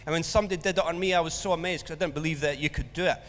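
In a church hall, a pastor preaches a sermon, telling a school story in an animated storytelling style and acting out voices in the anecdote. His voice is on the high side and he speaks very fast, with long church-hall reverb on the recording.

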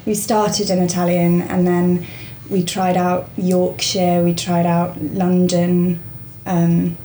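A woman's voice: fairly low pitch, completely flat delivery, slow pace, dark tone, a little hiss or hum. A woman actor talking about her play in a casual, easy-going interview. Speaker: stage actor. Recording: roomy echoey recording.

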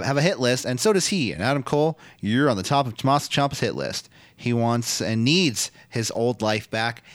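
A man's voice: mid-range voice, dry recording. A man co-hosting a podcast, casually recapping wrestling matches with lots of fillers.

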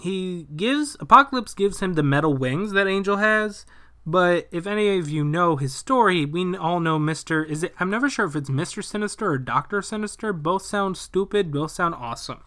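A young man breezily recapping a film's plot, swearing freely and slipping into quick voices for each character. His voice is bright and forward, pitched a bit above most men's. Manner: animated, profane retelling with quick voiced asides for characters. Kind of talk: casual movie plot recap.

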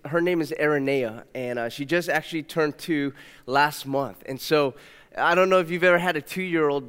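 Man preaching in a reverberant church. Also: clean tone. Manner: warm storytelling, puts on a high toddler voice for his daughter. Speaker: pastor. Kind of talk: sermon. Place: church sanctuary. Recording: long reverb of a church hall.

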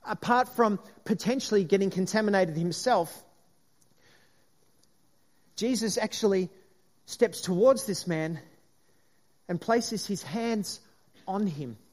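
A man's voice: sits high, takes it slowly, long pauses. A man preaching a sermon in an earnest way, with frequent restarts and the aside "if you like".

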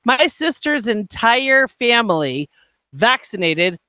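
A man's voice: very high voice, very animated, takes it slowly, sharp tone, smooth, no echo. A man co-hosting a podcast, campy and emphatic in casual chat, swearing freely. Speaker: co-host.

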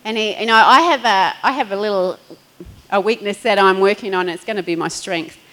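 A middle-aged woman pastor preaches a sermon in a chatty, storytelling style, laughing and acting out quotes. Her medium-pitched voice is bright and forceful, and she talks fairly quickly. The audio quality is poor.

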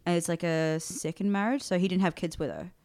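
A woman's voice: fairly low pitch, steady tone, brisk, darkish tone, no room sound. Young woman podcast cohost, chatty, laughs a lot, dry close mic. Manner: chatty, laughs easily, many "like" fillers. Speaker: podcast co-host. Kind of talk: casual chat.

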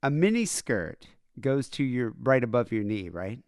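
A man's voice: medium pitch, sing-song, a little slow, a little mellow, dry recording, clean studio sound. A man co-hosting a podcast, crude and teasing in casual comedic banter. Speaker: podcast co-host.

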